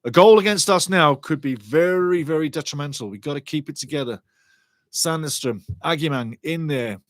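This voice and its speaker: Excitable man commentating a live match. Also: on the high side, normal speed, no room sound. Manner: excitable, partisan, reads chat comments aloud. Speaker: fan watch-along commentator.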